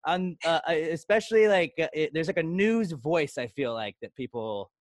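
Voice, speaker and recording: A man's voice: fairly high pitch, animated, normal speed, no room sound, studio quality. A man hosting a casual chat, joking, swearing freely and acting out little voices as he tells stories. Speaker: radio host.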